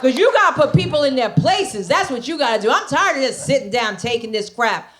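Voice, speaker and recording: A woman's voice: sits high, animated, a little fast, fairly bright tone. A middle-aged woman from New Jersey doing a stand-up comedy set, brash and profane, confiding in the crowd on a club stage. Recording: live club recording with noisy room.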